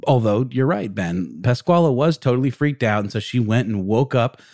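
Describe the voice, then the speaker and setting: A man's voice: medium pitch, expressive, normal speed, a little mellow, no echo, studio quality. A man co-hosting a podcast, telling a story in casual chat with lots of fillers and restarts. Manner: rambling, many fillers and restarts. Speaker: podcast co-host.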